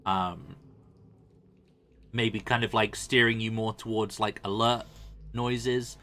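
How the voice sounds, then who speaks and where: A man narrating a tabletop game as dungeon master, in a relaxed, halting way with many fillers. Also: fairly low pitch.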